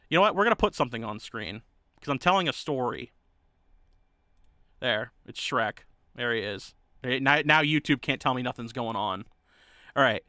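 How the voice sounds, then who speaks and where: Easygoing male streamer, rambling chat, clear bright tone, dry and close. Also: mid-range voice, no echo. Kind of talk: casual chat.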